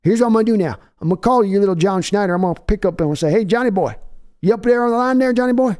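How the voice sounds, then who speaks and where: A man's voice: high-pitched, very fast, darkish tone, pitched above the performer's own voice, lightly acted. A man doing a brash, boastful old team owner. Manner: folksy, wheedling, repeats himself.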